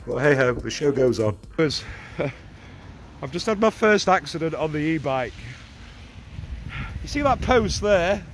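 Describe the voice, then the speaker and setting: A man's voice: on the high side, big pitch swings, slow, pauses often, soft background music. A man, vlogging casually outdoors in the rain, chatty and jokey with laughing asides. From England. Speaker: food vlogger. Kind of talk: casual vlog talking to camera.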